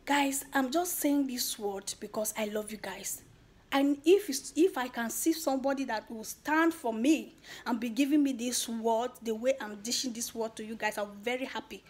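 A Nigerian woman talks straight to her viewers with earnest, preachy energy, urging them to work hard. Her voice is husky and breathy, sitting a little high for a woman, and she slips into Pidgin as she goes. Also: moderate pace, a little mellow. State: emotional, near tears at the end. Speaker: YouTuber. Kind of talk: motivational talk to viewers.

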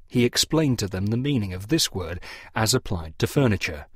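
Male story narrator, animated delivery, dry studio sound. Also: fairly low pitch, moderate pace, slightly rough, no room sound. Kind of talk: scripted audiobook narration.

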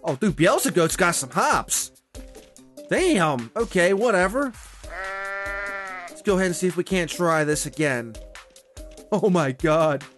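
A young man giving excitable, casual gameplay commentary as the channel's host, swearing often and breaking into loud outbursts. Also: high-pitched, unhurried, long pauses, faint music behind.

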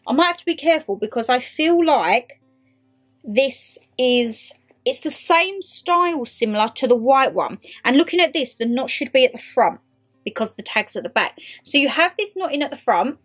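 A young British woman chatting excitedly to viewers and to her clothes in a casual haul video. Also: sits high, moderate pace, husky, faint music behind. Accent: British English. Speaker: vlogger. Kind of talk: casual try-on haul chat.

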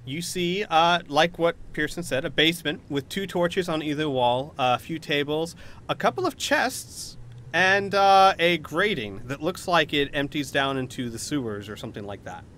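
Guy gm narrating a tabletop game, bright voice, all over the place pitch-wise. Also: normal speed, a little hiss or hum. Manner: animated, hesitant with fillers. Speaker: game master.

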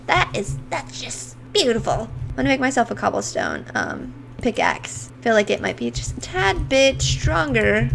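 Excitable female gaming streamer, high bouncy voice, light background hiss. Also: gravelly. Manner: excitable, squealing, talks to viewers. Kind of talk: casual game commentary.

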